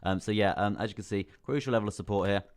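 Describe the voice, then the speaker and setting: A man with a very low voice hosts a live crypto stream. He walks through price charts in a loose, chatty way, repeats his points and keeps calling the viewers bro. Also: fast talker. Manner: casual, repeats phrases, calls viewers bro. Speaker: crypto livestream host. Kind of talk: live chart analysis, reading chat.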